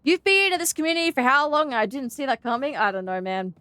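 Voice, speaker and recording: A young Australian woman chatting while streaming a game, bubbly and excitable, gasping and squealing as she greets viewers. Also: sits high, quick pace, no room sound. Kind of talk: live gaming stream chat.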